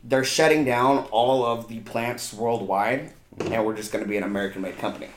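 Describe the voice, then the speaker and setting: A man's voice: medium pitch, steady tone, a little fast, slight background noise. A man chatting casually on a podcast, rambling with fillers and swearing. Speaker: podcast co-host. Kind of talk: casual chat. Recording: echoey room.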